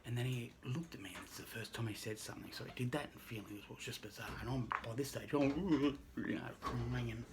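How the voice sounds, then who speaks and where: Earnest man in a noisy recording. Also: medium pitch. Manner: earnest, halting, drops into hushed near-whispers. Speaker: registered nurse. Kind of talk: personal story told to camera.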